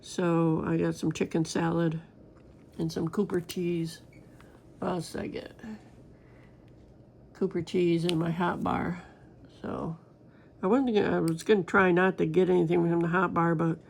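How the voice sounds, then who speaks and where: A woman's voice: fairly low pitch, little pitch movement, unhurried, creaky, long pauses, darkish tone, slight background noise. A woman crafting vlogger chatting casually and rambling to her viewers while she works on a diamond painting.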